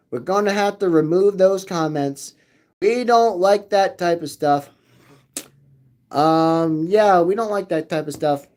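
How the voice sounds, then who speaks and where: A man hosting a livestream, rambling to his chat, repeating phrases again and again in a sing-song way. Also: high-pitched. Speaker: livestream host reading chat. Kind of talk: rambling live chat with viewers.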